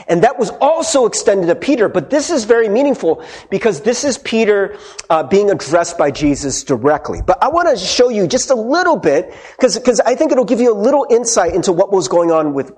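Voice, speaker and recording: High, lively husky male pastor. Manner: tags many sentences with "right?"; acts out quoted speech in character. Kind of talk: conversational sermon.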